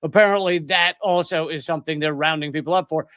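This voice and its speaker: A man's voice: a little high, fast, fairly bright tone, no room sound, studio quality. A man hosting a live political commentary show, ranting with biting sarcasm. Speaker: host.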